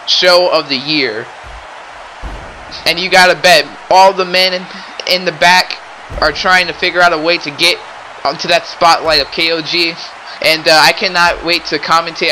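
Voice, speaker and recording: A young man doing excitable play-by-play wrestling commentary, often exclaiming and addressing the audience. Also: on the high side, slight background noise, rough recording. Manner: excitable, keeps exclaiming and saying ladies and gentlemen.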